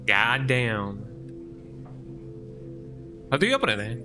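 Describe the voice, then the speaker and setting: A man's voice: mid-range voice, sing-song, takes it slowly, over music. A man streaming a video game, chatting casually in a rambling way and tagging lines with "eh". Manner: rambling, frequent "eh" tag. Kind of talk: casual gameplay commentary.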